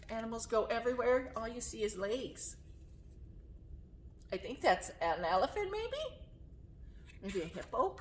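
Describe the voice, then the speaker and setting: A woman with a slightly hoarse voice leading a children's story time, singing songs, making animal sounds and reading a picture book aloud in a coaxing sing-song way. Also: on the high side, lively intonation, unhurried, long pauses. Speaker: children's librarian. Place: public library story room.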